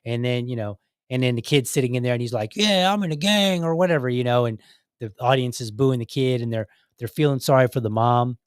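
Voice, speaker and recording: A man's voice: mid-range voice, fairly even intonation, quick pace, darkish tone, clean tone, dry recording, clean studio sound. A man hosting a podcast, giving casual, earnest commentary on videos, talking in a rambling way with restarts. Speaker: podcast host.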